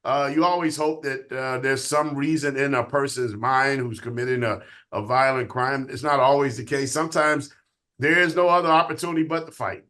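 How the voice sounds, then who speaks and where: A man speaking as a police guest on an interview podcast, measured and reflective, with hesitant fillers. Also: mid-range voice, fairly even intonation, sharp tone. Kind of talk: conversational interview.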